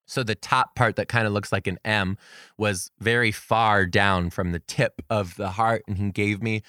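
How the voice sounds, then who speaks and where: A young man hosting a podcast, telling funny classroom stories with an animated, jokey delivery and frequent laughs. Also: moderate pace, no echo, clean studio sound. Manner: animated, jokey, laughs often, squeals into high voices for quotes. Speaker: podcast host and kindergarten teacher. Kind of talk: comedic storytelling.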